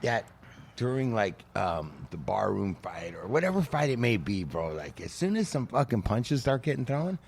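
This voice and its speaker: A man in casual podcast chat, excitable and crude, laughing as he talks. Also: medium pitch, moderate pace, creaky, slightly rough.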